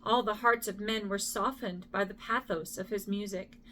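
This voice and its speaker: A woman's voice: mid-range voice, fairly even intonation, normal speed, bright, forceful tone. A middle-aged woman reading a poem as a bedtime story. She trips over the hard names and breaks off to apologize and joke at her own expense. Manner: stumbles over names and apologizes with self-deprecating asides.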